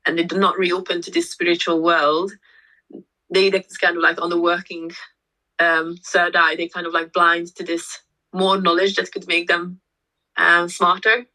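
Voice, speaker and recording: A woman's voice: fairly low pitch, little pitch movement, normal speed, sharp tone, poor audio. A woman yoga teacher explaining energy centres in a podcast chat, hesitant and full of restarts, livelier when she tells a story. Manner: hesitant, with frequent restarts and fillers. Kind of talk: conversational explanation.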